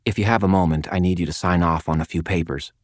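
A man's voice: low-pitched, fairly even intonation, fast talker, no room sound, clean studio sound, natural voice. A man voicing a fussy, reedy little wizard clerk who speaks with prim, polite disapproval.

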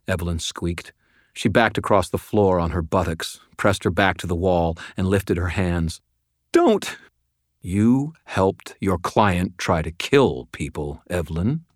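Deep-voiced man narrating an audiobook. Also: dry recording, studio quality. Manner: measured, dramatic, dropping to a near murmur. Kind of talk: first-person audiobook narration.

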